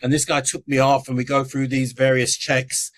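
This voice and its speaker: Middle-aged man, animated storyteller, mid-pitch, acts out quoted voices. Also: normal speed. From England. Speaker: guest. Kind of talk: storytelling in a podcast interview.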